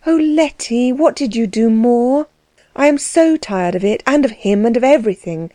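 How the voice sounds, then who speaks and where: A woman doing a gentle, tender young aunt. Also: on the high side, expressive, normal speed, dry recording, voice pushed up, natural voice.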